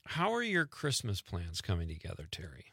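A man's voice: deep voice, wildly swooping pitch, creaky, noisy background. A man hosting a radio show, chatting casually and cheerfully with a guest. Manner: upbeat, chatty, quick to laugh. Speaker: radio host.

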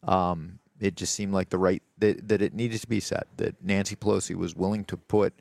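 Male political guest, very low gravelly voice, rambling, dry mic. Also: steady tone, moderate pace, darkish tone, no room sound. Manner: rambling, lots of "like" and "you know". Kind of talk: casual radio interview.

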